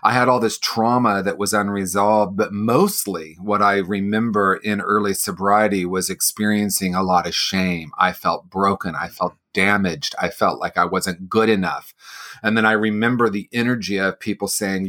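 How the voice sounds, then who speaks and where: A man's voice: fairly low pitch, steady tone, normal speed, sharp tone. A man in his sixties speaking earnestly and personally as an interview guest, with occasional light laughs. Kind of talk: reflective interview answers.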